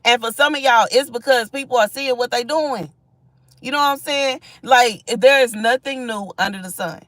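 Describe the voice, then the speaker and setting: In a livestream, a woman delivers impassioned spiritual messages, emphatic and repetitive, often asking "you know what I'm saying." Her voice sits on the high side, a bit bright, with no echo. She reads comments from the chat and thanks viewers.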